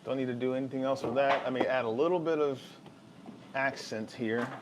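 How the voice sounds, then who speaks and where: A young man with a drawl cooks at home for his family vlog, keeping up relaxed, chatty talk with his viewers at a slightly fast clip. His pitch is middling, and faint kitchen noise hums beneath him.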